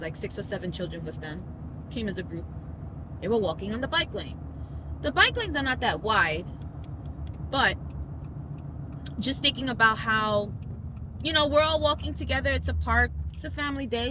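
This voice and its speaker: A podcast host from Brooklyn, speaking with a New York accent, leads a casual family chat from the car during the school commute. She's an animated, emphatic storyteller who acts out quoted people. Her pitch is fairly high, and there's a little hiss or hum in the recording.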